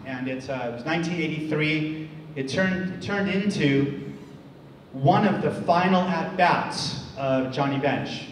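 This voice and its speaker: Halting man speaking in an echoey hall. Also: on the high side. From United States. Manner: halting, repeats words, restarts often. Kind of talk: storytelling talk to an audience. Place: large hall. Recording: echoey hall, distant mic, faint noise.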